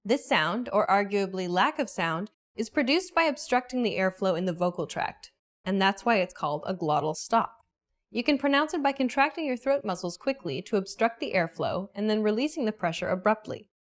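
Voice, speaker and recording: A woman's voice: medium pitch, expressive. Woman narrating a pronunciation lesson. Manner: clear, explanatory, measured. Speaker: pronunciation teacher. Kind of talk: scripted instructional narration.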